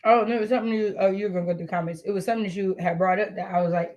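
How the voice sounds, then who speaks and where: A woman co-hosting a casual reading livestream, relaxed and teasing, thinking aloud in loose phrases. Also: mid-range voice, rapid-fire, rough recording. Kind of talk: casual chat.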